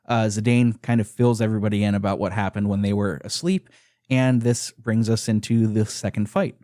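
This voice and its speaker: A man's voice: on the low side, normal speed, no room sound. A man hosting a podcast, retelling game scenes in a casual chat full of "uh" fillers. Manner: animated retelling, frequent "uh" fillers. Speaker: podcast host.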